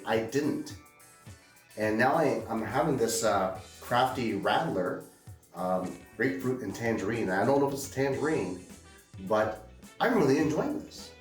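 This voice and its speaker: A man's voice: mid-range voice, far from the mic. A man hosting a casual beer-review show, talking in a goofy, rambling way. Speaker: podcast host. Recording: roomy, off-mic, faint music.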